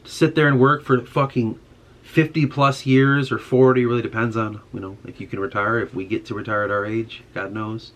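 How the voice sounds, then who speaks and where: A man's voice: medium pitch, fairly even intonation, moderate pace. A young man in a casual monologue, ranting with frustration and heavy swearing. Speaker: podcast host.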